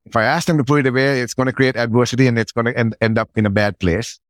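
Speaking fast at a medium pitch, a middle-aged man appears as a podcast guest and tells a personal story conversationally, voicing what he himself said back then. The audio has no echo.

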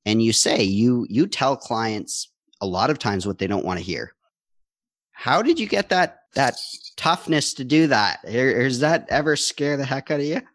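A man hosting a podcast, asking questions in a relaxed, casual way. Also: mid-range voice, normal speed, no echo, studio quality. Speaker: podcast host.

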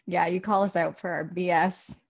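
A woman's voice: fairly low pitch, steady tone, moderate pace, creaky, breathy edge. A young woman co-hosting a casual gossip podcast, giggly and rambling, often hunting for words. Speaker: podcast co-host. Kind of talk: casual celebrity gossip chat.

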